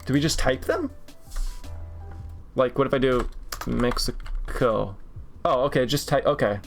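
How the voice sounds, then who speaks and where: A man's voice: medium pitch, unhurried, creaky, soft background music. A man streaming a map game, talking casually to himself, often frustrated and swearing. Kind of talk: casual gaming stream commentary.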